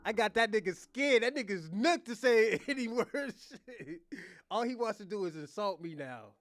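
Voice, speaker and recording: A man's voice: high voice, expressive, moderate pace, fairly bright tone, no echo. A man hosting a casual livestream rant, mocking someone, laughing often and repeating himself. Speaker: livestream host.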